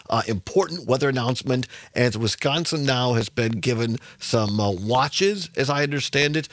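A male radio talk show host speaking slowly and carefully, his mouth still numb from dental anesthetic, with self-deprecating humor. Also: mid-range voice, no room sound. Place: radio studio. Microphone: studio microphone.

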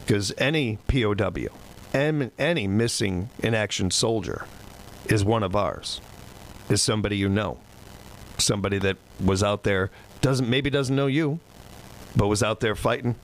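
Male country radio host, low-pitched, folksy and rambling, faint room hum behind. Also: moderate pace, rough recording. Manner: folksy, rambling, self-deprecating. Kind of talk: casual radio show chat.

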